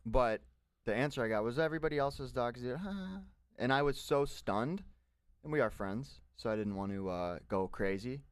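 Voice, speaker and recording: A man's voice: on the low side, moderate pace, smooth, dry recording. A man co-hosting a podcast, chatting casually with dry, understated reactions. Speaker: podcast co-host.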